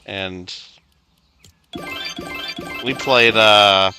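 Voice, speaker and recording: A man's voice: lowish voice, extremely slow, over music. A man from Illinois chatting casually while streaming a video game, playfully scolding his teammates. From Illinois, USA. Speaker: livestreamer. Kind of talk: casual gameplay chat.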